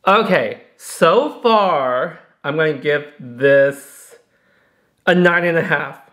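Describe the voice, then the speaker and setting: A man, a professional hairstylist, reviewing a flat iron in a chatty, excitable, dramatic way. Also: fairly high pitch, slow pace. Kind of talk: casual product review vlog.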